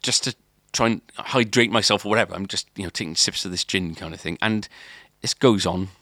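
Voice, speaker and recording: Speaking a little fast in a low, pushed, bright voice, a man co-hosting a podcast tells a long story that wanders with filler and repeated restarts. The audio is clean studio sound without echo.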